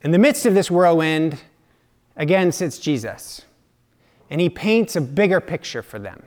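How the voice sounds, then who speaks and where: A male preacher delivers a sermon at a slow, unhurried pace. His voice sits a bit high for a man, and he is reflective, sometimes dropping to quiet asides. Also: very animated.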